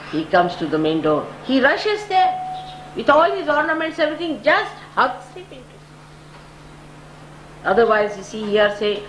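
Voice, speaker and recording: An older woman gives a spoken devotional talk to followers. She tells stories with sudden high lifts for emphasis. The recording is roomy and echoey, with a steady noise bed underneath. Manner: storytelling, rises sharply when stressing points. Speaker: spiritual teacher. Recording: echoey room with audible noise.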